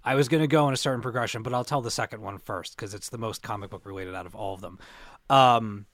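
A man's voice: on the low side, quick pace, fairly bright tone, no room sound. A young adult man co-hosting a podcast, rambling through convention stories with many restarts. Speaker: podcast co-host. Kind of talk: casual podcast chat.

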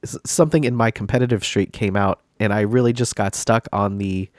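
A man's voice: lowish voice, steady tone, brisk, no echo, studio quality. A man hosting a casual gaming podcast, stuffy and congested from a cold, rambling with many fillers and restarts. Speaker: podcast host.

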